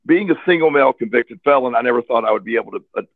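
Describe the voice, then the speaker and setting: A man's voice: medium pitch, expressive, very fast, dry recording. Man telling a candid story over a tinny phone line. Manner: candid and earnest, repeats words as he searches. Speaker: interview guest. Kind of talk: casual personal storytelling.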